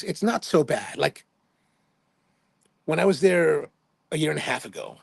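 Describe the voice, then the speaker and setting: A man's voice: fairly high pitch, creaky, husky, no echo. A man in his fifties from Hawaii, hosting a livestream and telling rambling, chatty anecdotes in which he quotes himself playfully. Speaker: livestream host. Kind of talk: casual livestream storytelling.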